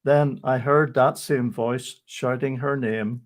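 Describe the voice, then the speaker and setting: An older man reading a rhyming memoir aloud, steady and measured, with brief chat. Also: medium pitch.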